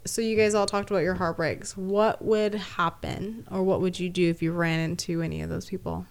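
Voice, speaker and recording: A woman co-hosting a casual podcast chat, an animated storyteller who laughs often and swears freely. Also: on the low side, moderate pace, vocal fry. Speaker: podcast co-host.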